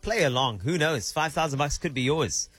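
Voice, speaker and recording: A man hosting a radio show, teasing his co-host in a playful, excitable way. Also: a little high, moderate pace, slightly rough, no echo, faint music behind. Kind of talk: casual radio banter.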